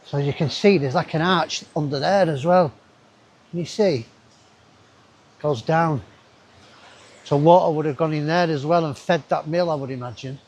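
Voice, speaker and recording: A travel vlogger walks through an outdoor river gorge, chatting casually to his camera and rambling with asides to himself. His voice sits a little high and a little mellow, moving at a moderate pace with long pauses.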